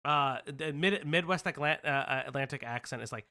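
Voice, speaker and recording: A stream host from the United States giving excitable casual commentary, swearing and restarting sentences. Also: medium pitch, a little fast, hardly any pauses.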